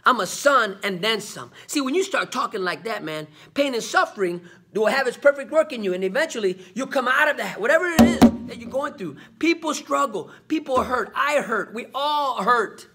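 A man's voice: very high-pitched, lively intonation, normal speed, bright, forceful tone, husky. A man hosting his own vlog, giving a motivational talk to the camera with preachy repetition and call-and-response questions. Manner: preachy, repeats "man" and "come on". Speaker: vlog host.

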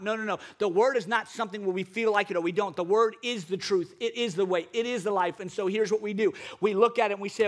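High-voiced man preaching fervently. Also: fast talker, few pauses. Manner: fervent, builds to excited preaching with repeated phrases. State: excited, wound up. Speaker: pastor. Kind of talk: sermon.

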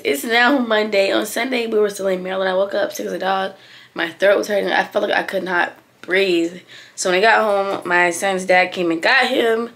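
A young mom chats casually to her viewers, loose and talkative. Her voice is bright and forceful, sitting at an ordinary pitch for a woman. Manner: chatty, talks straight to viewers. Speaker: vlogger.

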